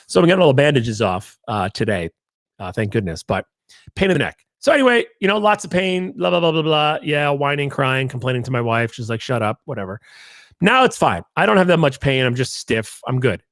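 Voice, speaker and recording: A man's voice: mid-range voice, very animated, fairly quick, fairly bright tone, no echo, clean studio sound. A man hosting his own podcast, telling a story in a rambling, jokey, self-deprecating way. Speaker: podcast host. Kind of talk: casual solo podcast storytelling.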